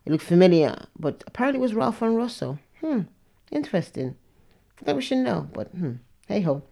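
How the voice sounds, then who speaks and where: A woman's voice: medium pitch, sing-song, brisk, gravelly, warm tone. A woman hosting a podcast, chatting casually with frank, opinionated asides. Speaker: podcast host. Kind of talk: casual chat about awards and fashion.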